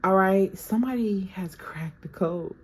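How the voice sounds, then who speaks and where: A woman's voice: medium pitch, unhurried, husky. A woman reading tarot cards for her viewers in a casual, slangy, chatty way, talking straight to them. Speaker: tarot reader.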